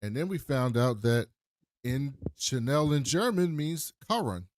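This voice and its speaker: A man's voice: mid-range voice, animated, unhurried, a little hiss or hum. A man co-hosting a podcast, teasing his co-host with dry humor in casual chat.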